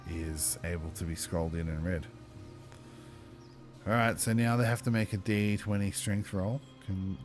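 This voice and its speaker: A man running a tabletop game as game master, chatty and thinking aloud, with lively exclamations. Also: low voice.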